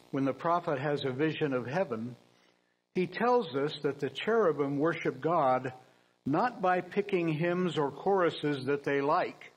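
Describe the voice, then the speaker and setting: A man preaching a sermon in a church, earnest and emphatic, with dry humorous asides and frequent throat-clearing. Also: fairly high pitch, poor audio.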